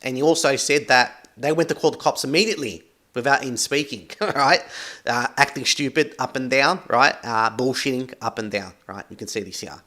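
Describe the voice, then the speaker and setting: A man's voice: medium pitch, moderate pace, sharp tone. A man giving accusatory commentary over a video, repeating "right?" after nearly every phrase. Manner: accusatory, emphatic. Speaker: commentary channel host.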